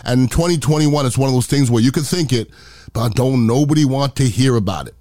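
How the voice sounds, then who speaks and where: A man's voice: mid-range voice, brisk, dark tone, no echo. A middle-aged man hosting a podcast, giving a blunt, impassioned opinion monologue. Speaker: podcast host.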